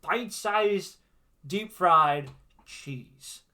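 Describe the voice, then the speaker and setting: A man's voice: high-pitched, lively intonation, drawn-out words, pushed and bright. A man from Wisconsin, hosting a tarot reading livestream in a chatty, reassuring way, often tagging "right?" onto his points. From Wisconsin, USA. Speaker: tarot reader and livestream host. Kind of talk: casual livestream chat.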